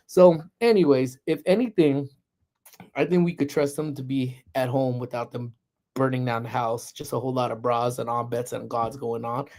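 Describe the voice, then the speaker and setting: A middle-aged man hosting a casual lunchtime livestream, chatting loosely and slipping into playful, animated slang riffs. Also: medium pitch, moderate pace. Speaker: livestream host. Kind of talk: casual live chat.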